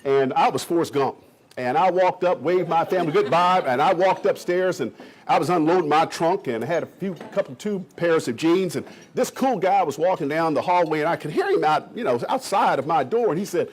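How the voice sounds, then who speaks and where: A man's voice: a little high, expressive, a little fast, slightly rough. A man in his fifties from Kentucky, giving an enthusiastic, joking speech to a room of realtors as a county economic development official. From Kentucky, USA. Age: 50s. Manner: enthusiastic, jokey storyteller who riffs off the crowd. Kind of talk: energetic speech to a live audience.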